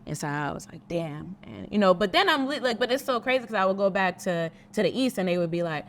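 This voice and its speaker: A woman's voice: mid-range voice, fast, slight background noise. A woman with a Brooklyn accent in casual conversation, telling stories animatedly and acting out quotes. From Brooklyn, New York. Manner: animated storyteller, voices quotes. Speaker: actress and guest. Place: outdoors on a city street.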